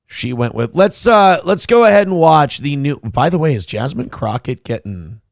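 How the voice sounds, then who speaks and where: A man hosting a morning talk show, talking crude and mocking in loose banter. His voice sits fairly high. The studio sound is dry and close. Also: big pitch swings, normal speed, vocal fry, no echo. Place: radio studio.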